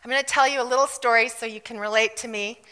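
A woman's voice: on the high side, fairly even intonation, quick pace, clean tone. Fervent woman preacher in a reverberant hall. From South Africa. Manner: fervent, emphatic preaching with bursts of loud declaration. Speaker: pastor. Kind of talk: sermon.

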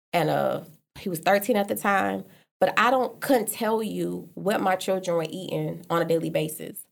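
A woman's voice: on the low side, vocal fry. A woman candidly telling a personal story in loose, casual conversation, often restarting and filling with "like". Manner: earnest, repeats herself with "like", loose casual speech. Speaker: guest sharing a personal story.

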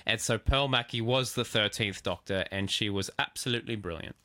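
A man's voice: lowish voice, a little fast, bright, forceful tone, no room sound. A man with an Australian accent, co-hosting a podcast in casual, joking chat. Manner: playful, joking. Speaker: podcast co-host and YouTuber.

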